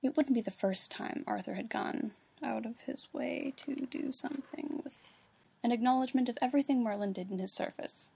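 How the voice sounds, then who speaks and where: A woman with a husky, slightly high voice reads a fan story aloud at home, alone at her computer. She trips over lines, swears freely and laughs at her own mistakes as she goes. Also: brisk, dark tone. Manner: stumbles over words, swears and laughs at herself. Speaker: reader. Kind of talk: reading a fan story aloud with running comments. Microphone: computer microphone.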